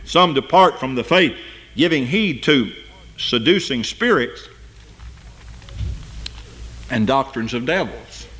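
A man preaching a sermon as pastor, building to loud emphatic peaks and then dropping to quiet asides. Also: medium pitch.

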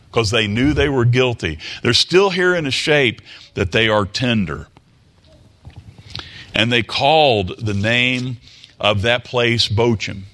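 A man's voice: fairly low pitch, pushed and bright. A man preaches a sermon, moving between scripture reading and plain explanation. He talks in a folksy, conversational way and checks in with his hearers through rhetorical tag questions.

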